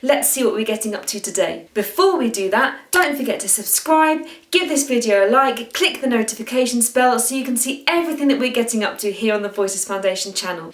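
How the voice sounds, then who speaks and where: Brit female music teacher, bright higher voice, echoey room, friendly lesson for kids. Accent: British. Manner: cheerful, encouraging, self-mocking. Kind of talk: leading a children's singing warm-up.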